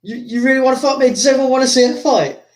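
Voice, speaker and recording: A man's voice: very high-pitched, very fast, pitched above the performer's own voice. A man voicing a cocky male action movie star who boasts in a breezy, self-promoting way. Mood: showboating.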